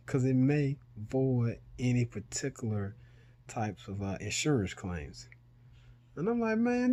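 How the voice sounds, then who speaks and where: Animated storytelling man. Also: slightly rough. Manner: animated, swears freely, rises in pitch when retelling panic. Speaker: vlogger. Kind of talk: casual storytelling to camera.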